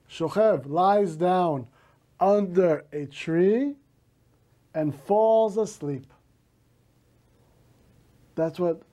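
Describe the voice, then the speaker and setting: A male teacher slowly reading a story aloud to a class, stopping to gloss words in Hebrew. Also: high-pitched, dark tone.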